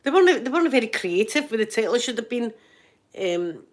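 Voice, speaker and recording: A woman's voice: a little high, big pitch swings, brisk. A Scottish woman hosting an ASMR channel, chatting casually with live viewers in a giggly, joking, rambling way.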